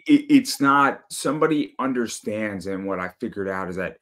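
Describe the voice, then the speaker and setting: A man hosting a podcast in casual chat, talking bluntly with swearing and animated storytelling. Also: lowish voice, moderate pace. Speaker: podcast host.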